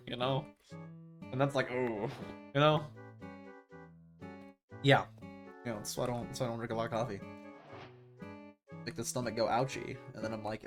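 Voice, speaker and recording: Young male streamer, mid pitch, loose slangy chatter to chat while he plays, faint music under it. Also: moderate pace, pauses often, a bit bright. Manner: rambling, slangy, talks to chat while playing. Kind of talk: casual gaming stream chat.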